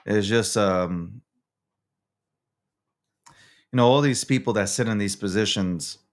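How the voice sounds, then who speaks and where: A man's voice: fairly low pitch, slow. A man hosting a nightly recap show, ranting in an unscripted, profane and agitated way, repeating himself. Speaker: show host. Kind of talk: unscripted news recap and rant.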